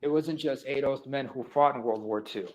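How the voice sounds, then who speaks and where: A soft-spoken man chatting on a stream, halting and emotional. He starts and stops and searches for his words as he goes. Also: medium pitch, poor audio. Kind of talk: casual chat.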